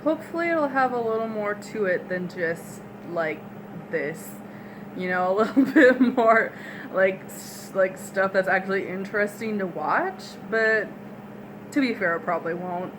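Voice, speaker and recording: Young woman vlogger, chatty and rambling, mid-pitched voice, quick laughs, camera mic in a home kitchen. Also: expressive, noisy background. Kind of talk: casual chat.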